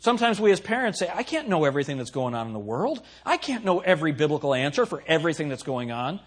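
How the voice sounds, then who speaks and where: Husky preaching man with a lively voice. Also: fast talker. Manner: earnest preaching, rises to emphatic scripture reading and drops low for asides. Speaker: pastor. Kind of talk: sermon.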